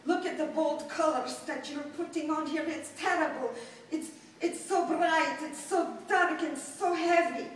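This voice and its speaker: A woman's voice: sits high, a little slow, slight background noise, pitched above the performer's own voice. A woman voicing her stern, critical father, scolding and indignant, heard from a distance in an echoey room. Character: stern critical father, middle-aged man.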